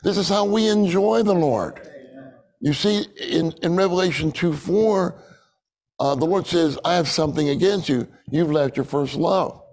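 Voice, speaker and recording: Older male preacher, fairly high gravelly voice, folksy storytelling testimony. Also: measured pace, a little mellow, rough recording. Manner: storytelling with laughs, acting out dialogue. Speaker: church speaker sharing a testimony. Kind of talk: conversational sermon testimony.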